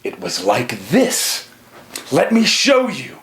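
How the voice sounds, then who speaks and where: A man's voice: mid-range voice, wildly swooping pitch, slow, a bit bright, full character voice. A man voicing a proud caveman tribe leader who boasts and gives commands. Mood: boastful. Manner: proud, commanding, theatrical storytelling. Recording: echoey room.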